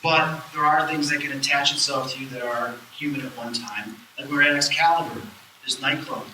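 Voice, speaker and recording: A man's voice: mid-range voice, fairly quick, a little hiss or hum. A man giving a live lecture, telling stories casually and acting out the dialogue in them. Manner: animated, acts out quoted dialogue. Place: lecture hall at a live event. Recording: echoey room recording from far off.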